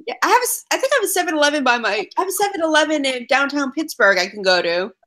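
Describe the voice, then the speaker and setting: A woman co-hosting a podcast in casual chat, playful and quick to laugh and agree. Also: high-pitched, animated, fairly bright tone. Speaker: podcast co-host.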